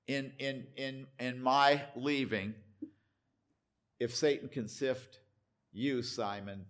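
An older man preaching a sermon as pastor in a church, emphatic and repetitive, swinging between loud stresses and hushed asides. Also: medium pitch.

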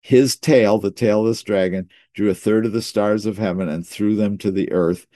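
Male preacher, low voice, dry sound, sermon-style Bible teaching that stumbles and repeats. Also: fairly even intonation, mellow, dry recording. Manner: repeats words while thinking, slows for key phrases.

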